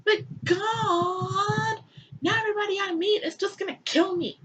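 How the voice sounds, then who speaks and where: Whiny, defensive young guy, put on by a woman; squeaky and strained, lo-fi. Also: fairly even intonation, measured pace, a bit bright, slight background noise. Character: whiny defensive young man, murderous brother.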